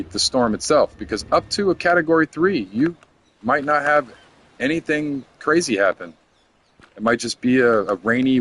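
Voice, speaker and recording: A man's voice: on the low side, fairly bright tone, a little hiss or hum. A middle-aged man from Florida telling a story in a casual, rambling way, often stumbling and repeating words.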